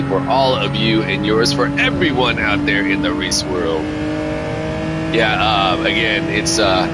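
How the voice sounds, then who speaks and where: A man chatting casually to viewers of his live stream while sim racing, laid-back and rambling, swearing and filling pauses with ums and uhs. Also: fairly low pitch, heavy background noise. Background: loud music.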